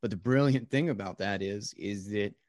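A man's voice: lowish voice, moderate pace, darkish tone, no echo, studio quality. A man hosting a casual podcast chat, rambling with many fillers and restarts.

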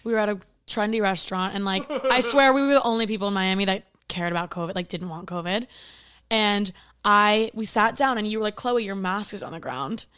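Young woman podcast co-host, mid-range voice, animated casual storyteller. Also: mid-range voice, brisk, smooth. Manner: animated storyteller, acts out quotes. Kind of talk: casual chat.

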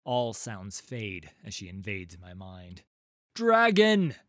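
A man giving scripted first-person narration of a fantasy story in a dramatic, measured way. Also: deep voice, dry recording, clean studio sound.

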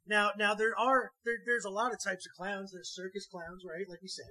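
Casual co-host, male, husky and bright, a bit high, animated and salty. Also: moderate pace, low-quality recording. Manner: animated, profane, repeats words when excited. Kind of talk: casual comedic chat.

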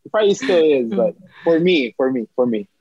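A young man, an athletic trainer, telling a story about himself in animated bursts, stammering and acting out his own panicked lines. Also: medium pitch, fairly quick, husky, dry recording, muffled recording.

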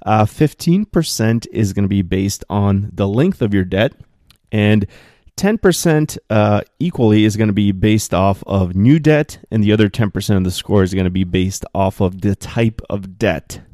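A man's voice: on the low side, normal speed, no echo, studio quality. A man hosting a solo podcast from a spare room at home, talking loosely with lots of fillers and getting worked up as he goes. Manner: animated, gets worked up, many fillers. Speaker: podcast host.

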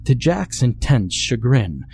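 A man narrating a scary story in a measured, deliberate way. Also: mid-range voice, big pitch swings, gravelly, dark tone, a little hiss or hum. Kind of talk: scripted horror narration.

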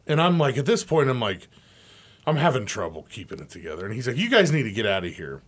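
A man with a medium-pitched voice talks fast while co-hosting a sports radio show. He tells a long story in an animated way, laughing a lot and acting out the voices of the people he quotes.

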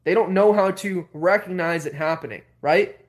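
High-voiced man rambling animatedly. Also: normal speed. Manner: rambling, animated, heavy on filler words. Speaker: host. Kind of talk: casual storytelling on a livestream.

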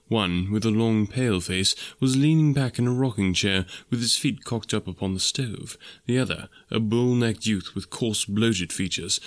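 A man narrating a classic novel in a measured, even storytelling manner. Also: on the low side, dry recording, studio quality. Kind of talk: audiobook narration.

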